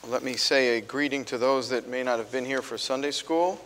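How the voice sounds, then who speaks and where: New york guy preaching, mid pitch, chatty with lots of ums, church echo. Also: fairly even intonation, brisk, fairly bright tone, slight background noise. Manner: conversational, with frequent fillers and self-corrections. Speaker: guest preacher. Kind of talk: sermon. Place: church sanctuary.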